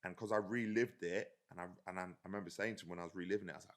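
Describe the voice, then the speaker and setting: A man's voice: low-pitched, fairly even intonation, racing. A man, an army veteran, telling stories in a casual, rambling way and swearing freely. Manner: rambling, swears freely, often says "do you know what I mean". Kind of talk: casual storytelling in a podcast chat.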